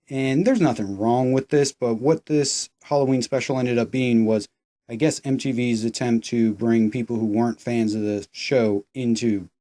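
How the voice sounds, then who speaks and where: Sarcastic man with a mellow voice. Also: medium pitch. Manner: sarcastic, profane, dismissive. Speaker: show recapper. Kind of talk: casual recap commentary.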